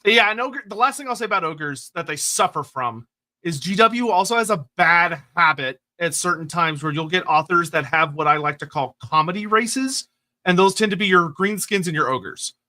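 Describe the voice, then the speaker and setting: A man's voice: sits high, lively intonation, normal speed, sharp tone. A chatty, agreeable man co-hosting a casual podcast discussion and reading out listener messages. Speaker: co-host of a lore podcast.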